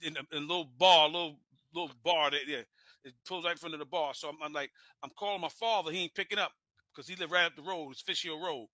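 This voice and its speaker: A man from Brooklyn, telling a rowdy story with laughs and shouted asides. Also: a little high, dry recording. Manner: loud, laughing, acts out voices, swears freely. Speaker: guest storyteller. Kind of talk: animated storytelling.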